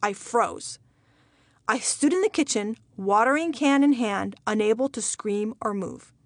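A woman's voice: on the high side, unhurried, no echo. A woman from Iran reading her own memoir aloud with a wry, dry humor. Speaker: memoir narrator. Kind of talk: audiobook memoir narration.

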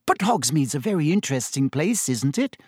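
A man reading aloud and voicing an eager, bookish schoolgirl who is brisk and insistent. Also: a little high, very animated, breathy edge, no room sound, studio quality. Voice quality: brisk, clipped and earnest.

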